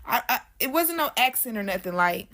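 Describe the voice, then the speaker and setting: A woman's voice: on the high side, sing-song, fairly quick, fairly bright tone. Slangy young woman telling a spooky storytime. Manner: slangy, talks straight to viewers as y'all. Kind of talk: casual storytime.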